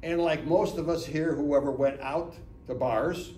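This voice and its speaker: A man in his seventies from Northeast Ohio tells stories at a business talk, acting out the people in them and checking in with "right?". His voice sits a bit high for a man. The mic picks him up from across an echoey room with a faint hiss. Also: fairly even intonation, measured pace, dark tone, distant mic. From Northeast Ohio, USA. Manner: chatty storyteller, acts out dialogue, keeps asking "right?". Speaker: guest speaker at a business lunch talk.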